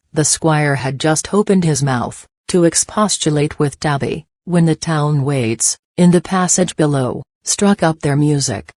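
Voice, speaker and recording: A man reading a classic novel aloud as audiobook narration, in a measured, deliberate way. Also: a little high, darkish tone, no echo, studio quality. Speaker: audiobook reader.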